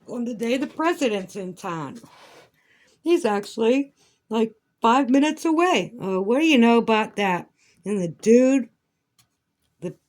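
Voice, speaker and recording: A woman's voice: medium pitch, darkish tone. A woman rambling through a casual vlog monologue, swearing and breaking into indignant outbursts. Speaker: vlogger.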